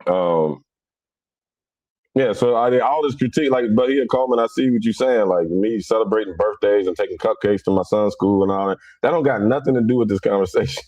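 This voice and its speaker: A man's voice: lowish voice, brisk, no room sound, dull audio. Blunt man from Cincinnati livestreaming. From Cincinnati, USA. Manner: blunt, animated, rough-edged. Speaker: livestream host. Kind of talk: casual livestream talk.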